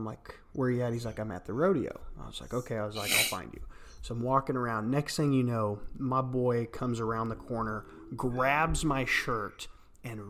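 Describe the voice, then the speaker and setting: A man from Arkansas with a mid-range, somewhat bright voice co-hosts a podcast, laughing his way through rambling stories in casual storytelling chat.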